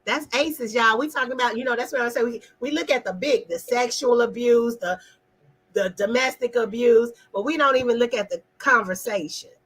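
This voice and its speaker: A woman with a husky, bright voice pitched a little high hosts a casual live talk. She speaks emphatically and preaches a little, throwing questions at her listeners and calling out to the viewers in the chat. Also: moderate pace, rough recording. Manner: talks directly to viewers in the chat. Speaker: host of an online live talk.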